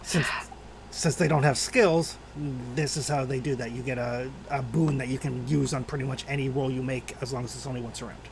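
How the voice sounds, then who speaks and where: A man's voice: medium pitch, fairly even intonation, fairly quick, gravelly, noisy background. A man narrating and ruling as game master in a tabletop game, talking with many fillers and restarts.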